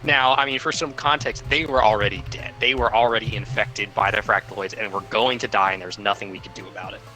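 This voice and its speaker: A man's voice: on the low side, fairly even intonation, quick pace, pushed and bright, soft background music, low-quality recording. A young man talking through a game on a livestream in a rambling way, full of fillers. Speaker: game player. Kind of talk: casual livestream chat.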